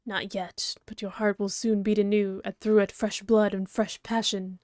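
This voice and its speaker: A woman's voice: mid-range voice, flat delivery, normal speed, a little mellow, no echo, studio quality, lightly acted. A woman voicing a prim, snobbish and very strong male troll aristocrat, haughty and formal, reading a webcomic aloud. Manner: haughty, fussy, formal wording.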